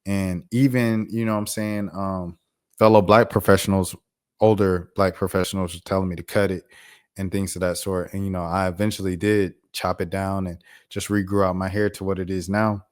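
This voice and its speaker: Laid-back young man, lowish voice. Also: flat delivery, normal speed, clear, resonant tone. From United States. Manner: laid-back, reflective, conversational. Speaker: vlogger. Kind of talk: casual commentary to camera.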